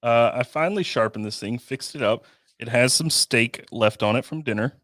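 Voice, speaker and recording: A man's voice: medium pitch, moderate pace, fairly bright tone. A man co-hosting a podcast in casual chat, with a dry teasing humor. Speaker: podcast co-host.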